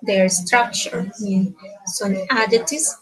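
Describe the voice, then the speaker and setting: Woman teacher, measured unhurried delivery, keeps checking in with "okay?". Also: mid-range voice, a crowd in the background, rough recording. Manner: slow, repeats words, ends phrases with tag questions. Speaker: English teacher. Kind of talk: slow grammar lesson.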